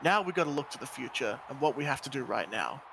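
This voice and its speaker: A man's voice: mid-range voice, animated, quick pace, vocal fry, noisy background. A man voicing a volatile, angry male wrestler in an amateur voice drama, snarling and swearing often. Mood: resolute. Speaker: wrestler character.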